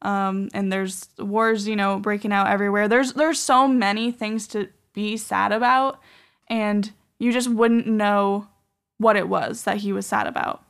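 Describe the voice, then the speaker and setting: Her medium-pitched voice is gravelly yet clear and resonant, moving a little slowly with fairly even intonation. As a podcast host, she tells a rambling, casual story loaded with "um" and "like."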